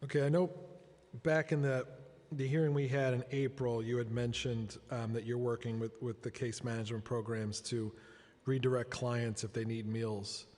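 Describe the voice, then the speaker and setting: A man's voice: mid-range voice, level tone, normal speed, darkish tone. Man pressing questions in an echoing chamber. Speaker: council member questioning officials. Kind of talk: budget hearing questioning. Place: large council chamber. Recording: long chamber reverb.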